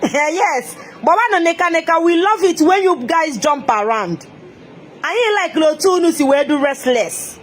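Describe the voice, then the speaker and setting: A woman's voice: very high-pitched, lively intonation, normal speed, slight background noise. A woman with an Igbo Nigerian accent ranting on a live stream, taunting and laughing, repeating her jabs. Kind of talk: mocking live-stream rant mixing Igbo and English.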